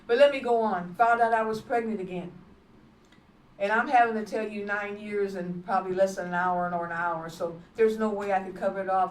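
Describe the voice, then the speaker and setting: A woman's voice: medium pitch, a little hiss or hum. A woman evangelist giving her testimony in an emphatic, repetitive, plainspoken way. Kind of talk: testimony preaching. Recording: echoey room from far off.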